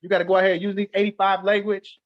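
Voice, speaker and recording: A man's voice: sits high, flat delivery, very fast, dry recording, muffled recording. A man hosting a livestream, teasing his chat in a playful, laughing way. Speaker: livestream host.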